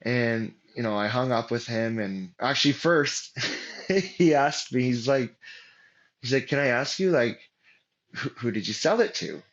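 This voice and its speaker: A man's voice: medium pitch, expressive, unhurried, a bit bright, dull audio. A man as interview guest, telling his story casually with lots of fillers and restarts. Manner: rambling, many fillers and restarts.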